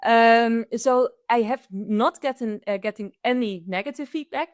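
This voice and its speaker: Enthusiastic Dutch-accented woman, higher voice. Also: unhurried, no echo, clean studio sound. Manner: enthusiastic, restarts often. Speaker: guest, AI consultant. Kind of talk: conversational interview.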